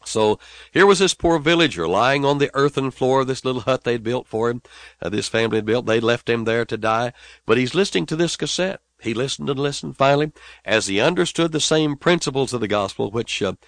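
A man preaching on a radio broadcast, telling a story dramatically and swinging between hushed and loud passages. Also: medium pitch, fairly quick, no echo.

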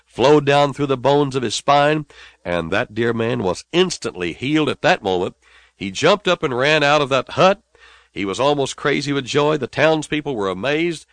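A man preaching on a radio broadcast, telling a story dramatically and swinging between hushed and loud passages. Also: mid-range voice, dry recording.

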